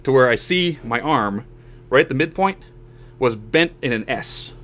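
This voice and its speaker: A podcast host in his forties, a man with a mid-range voice speaking at normal speed, casually tells a long personal story. He's an animated storyteller, acting out the voices of the people he quotes.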